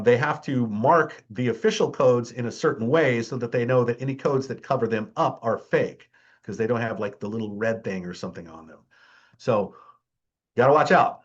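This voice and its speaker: A man leading a security training session, speaking in a middle-of-the-road pitch. He is conversational and emphatic, and his wry jabs poke fun at scams. The webinar audio sounds muffled and lo-fi. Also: slightly rough. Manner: chatty and emphatic, keeps checking in with "okay?" and "right?"; wry, mocking tone toward scams.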